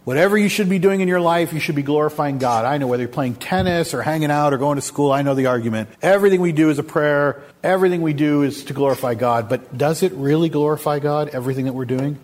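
A man's voice: on the high side, darkish tone. A man preaching a sermon to his congregation, speaking with emphasis and asking them rhetorical questions. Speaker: pastor. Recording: long hall reverb.

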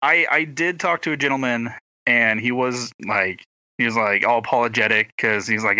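Man, rural Oklahoma accent, very bright dry voice, rambling chat storyteller. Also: mid-range voice, steady tone, moderate pace, no room sound, low-quality recording. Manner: rambling storyteller, stumbles and restarts. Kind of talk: casual chat.

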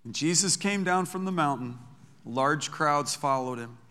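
A male pastor preaching a sermon to a congregation, impassioned and rising to loud emphatic peaks. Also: fairly high pitch, animated, unhurried. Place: church sanctuary before a congregation. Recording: long hall reverb in a church.

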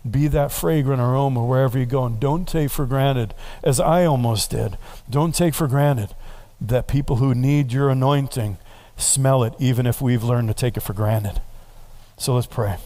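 A male pastor delivers a sermon in an easygoing, conversational storytelling manner. His voice sits at an ordinary middle pitch. He leans into earnest emphasis as he moves toward prayer. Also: normal speed, mellow.

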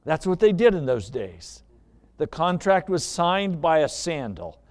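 A male pastor delivering a sermon in storytelling mode, painting the scene with dramatic flair. His speaking voice sits a little high for a man. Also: very animated, measured pace, darkish tone.

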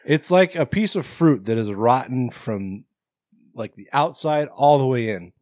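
Male podcast co-host, blunt and sweary, lively pitch, dry close sound. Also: a little slow, no room sound. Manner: blunt, swears a lot, mocking. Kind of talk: casual movie review chat.

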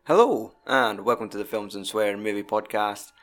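A man's voice: lowish voice, moderate pace, a bit bright, faint music behind. A Scottish man hosting a podcast, chatting casually with sweary, jokey banter. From Scotland. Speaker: podcast host. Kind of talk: casual chat.

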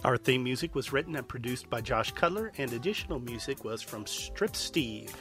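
A man's voice: medium pitch, lively intonation, moderate pace, fairly bright tone, soft background music. Man announcing a radio science show.

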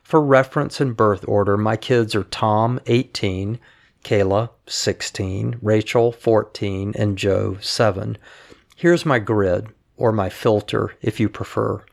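A man calmly reading his wife's written updates and a blog article aloud, in a measured voice. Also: lowish voice, vocal fry.

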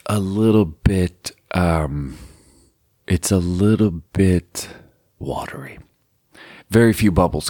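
Young man, casual storytelling, low voice, dry close sound, swearing and rambling. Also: a little mellow, dry recording. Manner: rambling, profane, self-deprecating. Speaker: podcast host.

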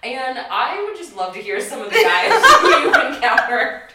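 Lively woman host, roomy and off mic. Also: high voice, far from the mic, very noisy. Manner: agreeable, quick affirmations and laughs. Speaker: podcast host. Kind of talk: casual chat. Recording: echoey room from off mic.

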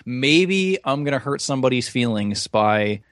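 A man's voice: medium pitch, animated, unhurried, a bit bright, no echo, studio quality. A man co-hosting a podcast, talking casually in a rambling, profane, self-deprecating way. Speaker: podcast co-host. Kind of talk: casual chat.

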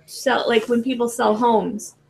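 A woman with a gravelly, fry-laden voice chats on a podcast. She talks hesitantly and casually, circling back and restarting her sentences. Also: fairly high pitch, steady tone, unhurried. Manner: hesitant, many restarts and fillers. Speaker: podcast co-host. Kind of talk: casual chat.

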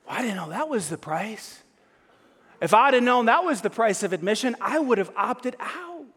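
A man's voice: high voice, big pitch swings, moderate pace, a bit bright, slightly rough. A male pastor preaching a sermon, firing rhetorical questions at his congregation. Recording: long hall reverb.

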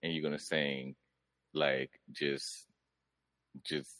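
A man in his thirties co-hosting a casual chat, rambling and halting but insistent. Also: a bass voice, level tone, fairly bright tone, dry recording.

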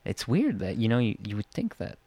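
A man co-hosting a podcast in relaxed casual chat, full of fillers and laughing along. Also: fairly low pitch, fairly quick, no echo. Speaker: podcast co-host.

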